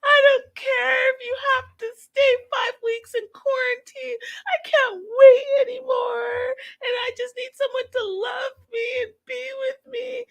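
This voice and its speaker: A woman mocking an overdramatic young woman who wails and sobs in a shrill voice. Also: flat delivery, measured pace, gravelly, full character voice, poor audio. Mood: mock sobbing. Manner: wailing, shrill mock crying. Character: sobbing overdramatic young woman, whiny and desperate.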